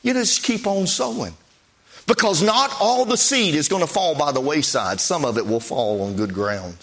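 A man preaching a sermon in a conversational, storytelling way, his pitch swinging up and down as he recounts events. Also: a bit bright, slightly rough. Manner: conversational, pitch swings up and down while telling stories.

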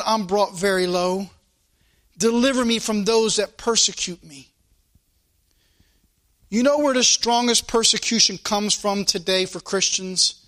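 A man's voice: sits high, bright, forceful tone. A man preaching a sermon, reading scripture aloud and pressing his points with rising emphasis.

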